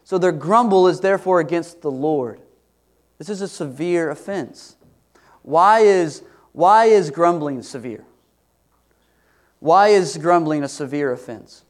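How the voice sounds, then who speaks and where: A pastor preaching a sermon, earnest and building to emphatic questions. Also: male voice, fairly high pitch, measured pace, long pauses.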